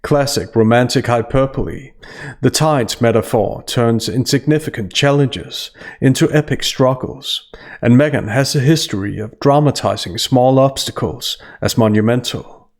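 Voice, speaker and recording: A man's voice: mid-range voice, moderate pace. A man giving a scripted analytical voice-over in a dry, sarcastic manner. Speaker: commentary channel host.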